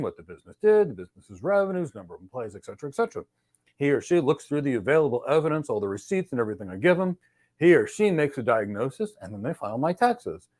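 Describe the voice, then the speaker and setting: Animated male career coach, lively pitch. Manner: animated, explains with role-play examples. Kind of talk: live Q&A session.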